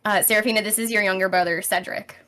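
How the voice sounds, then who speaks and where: A woman narrates a fantasy tabletop game as game master in a loose, chatty way, full of fillers. Her voice sits in a middle pitch, and faint music plays behind her. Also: fairly even intonation, fast, sharp tone. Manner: casual, rambling, with many fillers.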